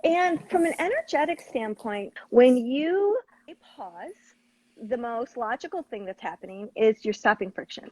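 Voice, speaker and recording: A woman's voice: fairly high pitch, lively intonation, a little slow, a little mellow, low-quality recording. A woman host explaining techniques in an earnest, coaching tone. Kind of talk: conversational teaching.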